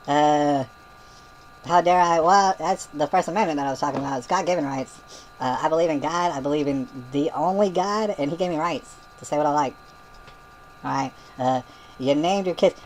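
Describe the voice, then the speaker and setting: A man's voice: a little high, fairly quick, a little hiss or hum, poor audio. A man vlogging, reading out a comment and rebutting it line by line in a sarcastic, nitpicking way, with many restarts.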